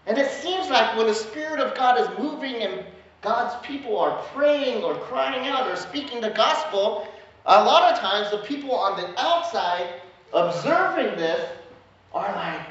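Woman pastor, playful sermon, bright tone, strongly echoing church, slightly dull sound. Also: mid-range voice, a little slow, a little hiss or hum. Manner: lively, playful, talks to the congregation. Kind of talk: sermon with children's activity.

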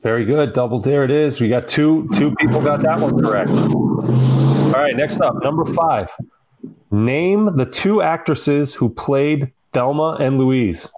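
A man's voice: medium pitch, measured pace, a little mellow, a little hiss or hum. A man hosting a podcast quiz game, in playful, casual banter with friends. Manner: playful quizmaster, laughs often.

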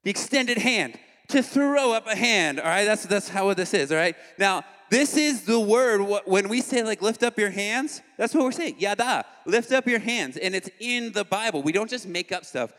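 A young man giving a casual, animated youth sermon as a worship leader, conversational and full of slangy asides. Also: high voice, normal speed, few pauses. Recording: long hall reverb.

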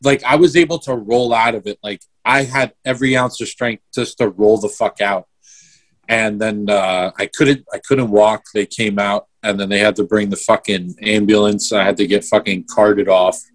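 A man's voice: lowish voice, steady tone, moderate pace. A young man telling a story in casual chat, swearing freely and replaying events step by step. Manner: swears a lot, vivid play-by-play retelling.

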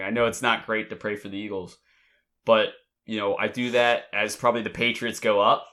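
A man with a low, bright, forceful voice chats casually about his team. He tells the story emotionally, rambling and restarting often. It is a relaxed back-and-forth between two fans. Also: a little fast. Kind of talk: casual chat.

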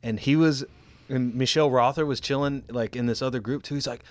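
A man hosting a podcast in casual chat, excitable, slangy and swearing freely. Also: mid-range voice, a little fast. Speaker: podcast host.

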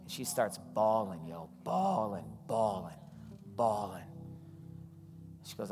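A man's voice: on the low side, expressive, slow pace, long pauses, over music. A man preaching as a pastor, telling stories conversationally and asking the congregation questions. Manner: conversational storytelling, asks the crowd questions. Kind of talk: sermon. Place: church hall. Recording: long hall reverb with soft keys.

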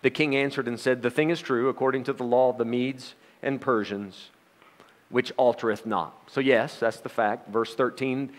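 A man's voice: medium pitch, steady tone, normal speed, big-room sound. A middle-aged man giving a Bible study sermon, talking in a conversational way with rhetorical questions and wry sarcastic asides. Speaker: Bible teacher.

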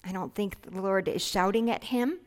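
A woman preaching a sermon, gentle, earnest and reflective, with soft hushed passages. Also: mid-range voice, normal speed.

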